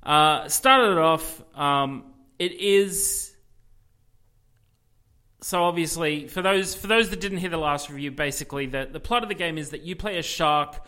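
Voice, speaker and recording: A man co-hosting a casual podcast, telling rambling, animated stories with plenty of fillers. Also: on the high side, unhurried, clean tone. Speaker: podcast co-host. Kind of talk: casual chat about video games.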